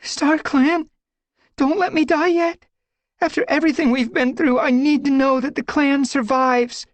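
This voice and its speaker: Stubborn young warrior she-cat in an audiobook, high and strained, acted by a man narrator. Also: fairly even intonation, a little slow, no room sound. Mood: pleading. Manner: high, loud and frantic.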